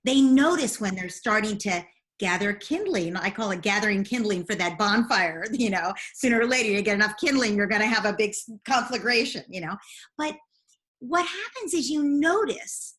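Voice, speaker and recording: A woman's voice: mid-range voice, animated, normal speed, a bit bright. A woman guest in an interview, earnestly explaining parenting advice step by step. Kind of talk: interview answers.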